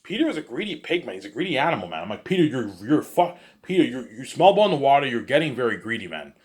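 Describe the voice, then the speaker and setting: Fast-talking rambling man, lively pitch. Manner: rambling, repetitive, boastful. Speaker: monologue host. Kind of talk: rambling casual monologue.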